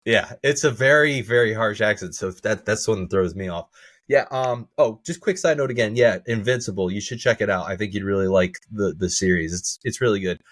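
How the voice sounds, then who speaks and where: Low-voiced man in rambling podcast chat. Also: fairly quick, a bit bright, no room sound. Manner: rambling, repeats words when starting. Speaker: podcast co-host. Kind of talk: casual chat.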